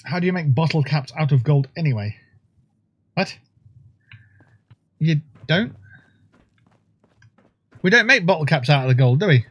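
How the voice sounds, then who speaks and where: Here the gamer host sounds fairly high-pitched and husky, speaking at a measured pace with many pauses, and the audio is dull. He keeps up his foul-mouthed, jokey livestream commentary, punctuated by excited whoops.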